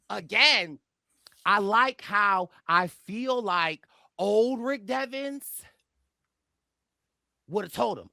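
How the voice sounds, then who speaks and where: Excitable, gravelly-edged male podcast co-host. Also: sits high, slow pace, no echo, clean studio sound. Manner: excitable, laughs often, jumps into quoted voices. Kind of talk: casual TV recap chat.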